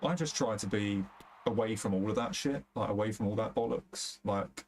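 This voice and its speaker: A man's voice: fairly low pitch, moderate pace, slight background noise. A young man with a London-area accent, chatting casually and rambling on a game stream, swearing freely and using plenty of fillers. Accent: London area English. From England. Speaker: gaming streamer. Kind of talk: casual chat while streaming a football game.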